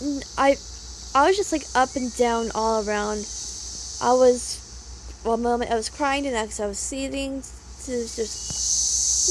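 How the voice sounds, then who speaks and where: A woman's voice: fairly high pitch, a little slow, very noisy. A young woman vlogger venting in a casual, rambling monologue, upset and swearing freely.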